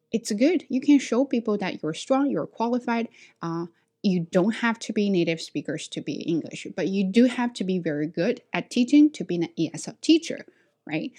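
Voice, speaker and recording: A woman who speaks English as a second language, her first being Chinese, telling stories from her work as an ESL teacher in a frank, self-assured way and acting out quotes with a raised voice. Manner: animated, acts out quotes with high voices. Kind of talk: casual storytelling.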